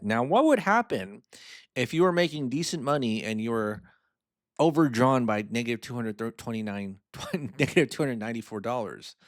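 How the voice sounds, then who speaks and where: On his personal finance channel, a man walks through a spreadsheet in a casual explainer, filling his chatty, informal talk with fillers and asides. His voice is medium-pitched, and the studio-quality recording has no room sound.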